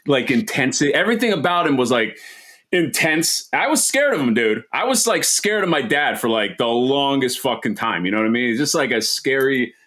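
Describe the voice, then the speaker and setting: A man from Florida chats with a co-host in a relaxed, easygoing way. He swears casually and often restarts his sentences, stumbling a little as he talks. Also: mid-range voice, a little fast. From Florida, USA. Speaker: podcast co-host. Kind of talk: casual chat.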